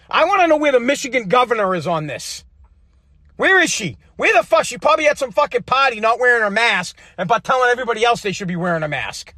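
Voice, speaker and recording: A very high-pitched man tears through a heated podcast rant, cursing freely as he lurches between outbursts and low grumbling. His voice is recorded bone-dry, with no room sound, in a home basement setup. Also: dry recording. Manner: heated, profane, swinging between shouting and muttering. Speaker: podcast host. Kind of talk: angry political rant.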